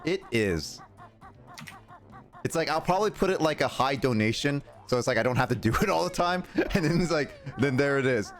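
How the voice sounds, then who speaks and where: A man's voice: medium pitch, lively intonation, normal speed, soft background music. A young man chatting casually while streaming a game, rambling, reading viewer messages aloud and laughing often. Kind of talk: casual live-stream chat while gaming.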